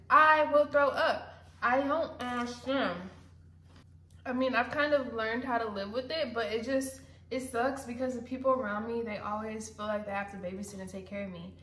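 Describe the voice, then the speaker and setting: Chatty young woman rambling while eating. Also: on the high side. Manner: chatty, self-deprecating, talks with her mouth full. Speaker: vlogger. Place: indoors at home, sitting hunched over. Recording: roomy home recording with faint noise.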